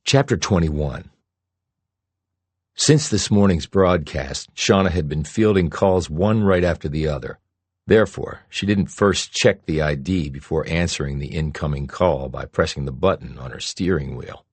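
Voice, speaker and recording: Male audiobook narrator, very low husky voice, steady and low-key, dry close studio sound. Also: normal speed, no room sound. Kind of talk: scripted narration.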